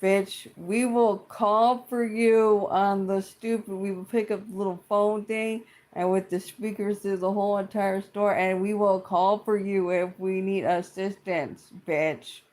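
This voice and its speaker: Slow-talking blunt middle-aged ranter. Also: medium pitch, flat delivery, darkish tone. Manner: blunt and exasperated, heavy swearing, repeats itself. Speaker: vlogger. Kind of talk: casual profane rant to camera.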